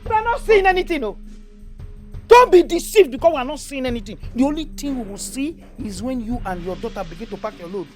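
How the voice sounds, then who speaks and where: A woman's voice: high voice, big pitch swings, fast talker. An actress with a Nigerian accent playing a defiant, mocking woman who taunts and provokes. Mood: taunting. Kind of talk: Nollywood film acting. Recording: film dialogue with faint music.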